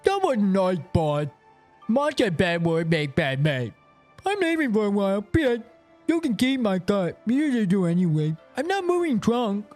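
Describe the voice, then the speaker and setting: A man's voice: sits high, very animated, a little mellow, soft background music, pitched above the performer's own voice. A man voicing a simple, dim-witted male henchman who talks in a clumsy, childlike way. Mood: dopey. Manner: slow, clumsy, childlike speech.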